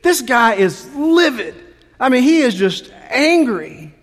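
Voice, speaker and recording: A man's voice: very high voice, very animated, takes it slowly, a bit bright. A man preaching as a pastor, telling a chatty, self-deprecating story with frequent restarts before turning to the sermon. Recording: long reverb of a large hall.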